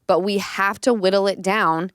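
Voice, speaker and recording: A woman's voice: medium pitch, moderate pace, clear, resonant tone, dry recording, studio quality. A woman in her thirties hosting a podcast, telling candid stories in casual chat with lots of "like" fillers. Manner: candid, animated storytelling with frequent "like". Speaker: podcast host.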